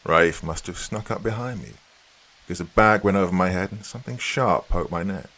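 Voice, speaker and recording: A man narrating a first-person horror story in a steady storytelling delivery. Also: deep voice, fairly quick, low-quality recording.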